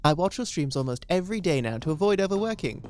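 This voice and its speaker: Co-host streamer, excitable casual reaction chat, mid pitch, animated delivery. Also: quick pace, slight background noise. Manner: playful, excitable, reads viewer messages. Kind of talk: casual live game reaction.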